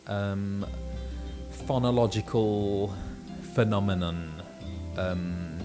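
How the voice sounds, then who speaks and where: A British man chats on a live stream in a loose, rambling way, full of ums and asides. His voice sits on the low side, and music plays steadily behind him. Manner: chatty, rambling, full of fillers. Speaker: voice actor streaming a game. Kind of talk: casual live-stream chat. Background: background music.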